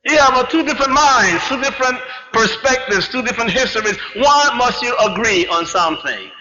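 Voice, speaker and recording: A man's voice: very high-pitched, expressive, brisk, music in the background. A man giving an emphatic spiritual lecture to a live audience, driving his points home with rhetorical questions and repeated "you see". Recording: dull lo-fi 1990s hall recording with long reverb.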